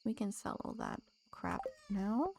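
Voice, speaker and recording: Slow-talking playful woman streamer. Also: mid-range voice, huge pitch swings, gravelly, noisy background. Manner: playful, teasing banter, laughs often. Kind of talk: casual chat with live viewers while gaming.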